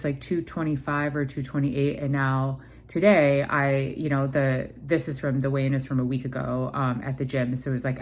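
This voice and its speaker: A woman's voice: extremely low pitch, darkish tone. A young woman chatting casually to camera in a home vlog, rambling with many fillers and restarts. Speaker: vlogger.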